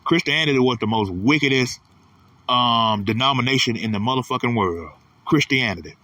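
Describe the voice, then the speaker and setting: A man hosting his own channel delivers a blunt, profane, repetitive rant in a casual monologue. His medium-pitched voice is animated and sharp at a normal speed. The recording is dry and made from a distance.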